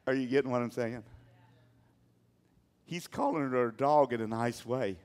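A man's voice: mid-range voice, huge pitch swings, takes it slowly, darkish tone. A man preaching a sermon, talking emphatically and calling on the congregation to answer him. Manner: emphatic, calls on the congregation to respond.

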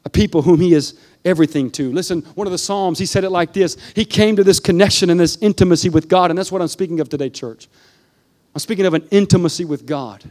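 A man preaching a sermon with fervor, swinging between hushed, low passages and emphatic peaks, often breaking in with "listen" to address the congregation. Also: fast talker.

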